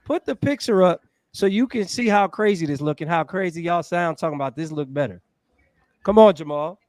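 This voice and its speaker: A man co-hosting a basketball podcast, teasing and incredulous in lively casual banter. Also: a little high, brisk, no echo. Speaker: podcast co-host.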